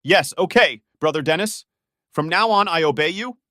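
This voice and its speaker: A man's voice: a little high, expressive, normal speed, pushed and bright, no echo, clean studio sound, voice pushed up. A man voicing a beaten, sullen young bully who answers submissively.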